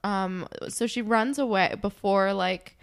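A young woman with a middle-range voice talks through a TV episode in relaxed casual chat. She is blunt and opinionated, swears easily, and laughs as she makes her points. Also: medium pitch, slow, creaky, clean tone. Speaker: podcast co-host.

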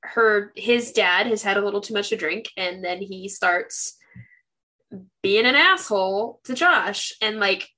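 A woman's voice: medium pitch, measured pace, sharp tone. A young woman co-hosting a casual book podcast, retelling scenes animatedly and acting out the lines she quotes. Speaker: podcast co-host. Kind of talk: casual chat.

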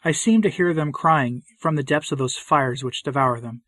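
A man's voice: a little high, moderate pace, few pauses, fairly bright tone, no room sound. A man preaching a solemn sermon, reading it with impassioned pleading.

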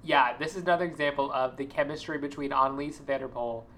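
A woman's voice: very deep voice, steady tone, fast, fairly bright tone, a little hiss or hum. A woman co-hosting a podcast, retelling TV scenes with laughter, ums and restarts. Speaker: podcast co-host. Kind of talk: casual chat recapping a TV episode.

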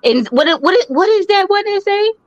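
A woman in her thirties co-hosting a casual chat, loud and blunt, often laughing. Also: very high voice, animated, fast, dry recording, dull audio. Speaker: podcast co-host.

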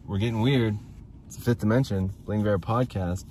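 Low-voiced goofy podcast man. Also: moderate pace, dark tone, slight background noise. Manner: goofy, rambling, laughs at himself. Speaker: podcast host. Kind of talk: casual solo podcast rambling.

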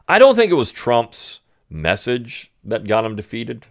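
A man's voice: mid-range voice, wildly swooping pitch, measured pace, gravelly. A man hosting a political commentary podcast, talking in a sarcastic, mocking way. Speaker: podcast host.

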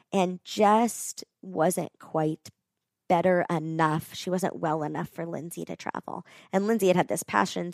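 A woman's voice: fairly low pitch, creaky, no room sound, studio quality. A woman telling a personal story in an earnest, conversational way, often saying "like.". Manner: earnest, animated, often says "like".

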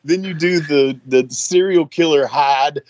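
A man's voice: fairly high pitch, darkish tone, lo-fi sound. A man retelling a shared memory, chuckling and restarting as he goes. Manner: laughing, halting retelling. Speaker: guest recalling shared stories. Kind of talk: casual chat.

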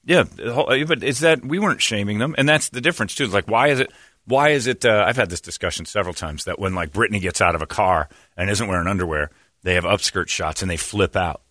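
Man, podcast host, comedic rant, crude and sarcastic, lowish voice, dry close sound. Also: fast talker, sharp tone, dry recording.

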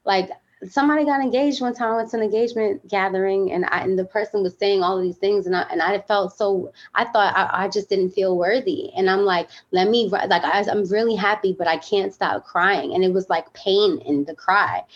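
A woman's voice: medium pitch, a little fast, few pauses, muffled recording. A woman guest on a podcast, talking candidly and with feeling, with lots of fillers. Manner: heartfelt, emphatic, many fillers.

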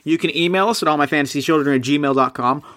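A man's voice: a little high, quick pace, a bit bright. Dry-witted podcast co-host man. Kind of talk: casual chat and show plugs.

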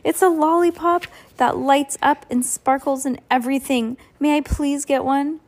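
A woman reading a storybook aloud, voicing an eager, pleading little girl in a raised, brighter voice. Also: high-pitched, expressive, normal speed, voice pushed up.

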